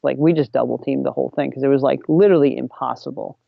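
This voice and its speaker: Podcast guest, male, gravelly, fast filler-heavy storyteller, dull lo-fi mic. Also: mid-range voice, steady tone, dry recording. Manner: rambling, heavy use of "like", acts out quotes. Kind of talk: casual storytelling.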